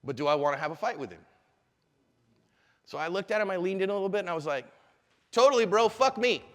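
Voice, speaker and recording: A man's voice: on the high side, fast. A middle-aged man, a self-defense instructor, giving a live seminar talk and telling stories animatedly, acting out the people in them. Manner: animated storyteller, acts out quotes. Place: convention hall. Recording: echoey hall reverb.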